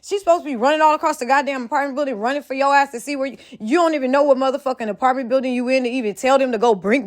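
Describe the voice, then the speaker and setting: Brief: woman vlogger, fairly high voice, profane and emphatic, talks straight to camera. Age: adult, a mother. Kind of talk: casual commentary rant.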